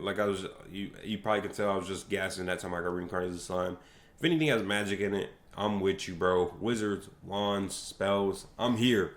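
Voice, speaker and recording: A young American man hosting a solo livestream podcast, talking casually in slangy, hyped, rambling bursts. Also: lowish voice. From United States.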